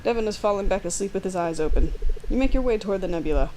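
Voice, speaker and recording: A woman's voice: medium pitch, lively intonation, rapid-fire, mellow, a little hiss or hum, low-quality recording. A woman hosting a let's-play at home, reading game narration and chatting with self-deprecating, dry humor. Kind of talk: casual game narration and commentary.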